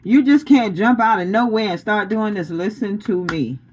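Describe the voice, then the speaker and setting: A woman tarot reader gives a loose spiritual pep talk. She is blunt and preachy, with plenty of slang and frequent laughter. Her voice sits at a middle pitch. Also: normal speed, darkish tone, husky, low-quality recording.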